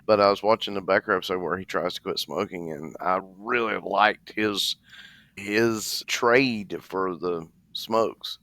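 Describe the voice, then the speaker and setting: A man's voice: deep voice, unhurried, bright, forceful tone, dry recording. A man co-hosting a casual podcast, chatty and jokey, often talking straight to his listeners. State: restless, leg bouncing while seated. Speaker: podcast co-host. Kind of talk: casual chat.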